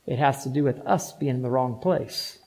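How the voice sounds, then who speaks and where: A pastor delivering a sermon, preaching emphatically with rhetorical questions and shifting between soft asides and loud declarations. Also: male voice, mid-range voice, moderate pace, rough recording.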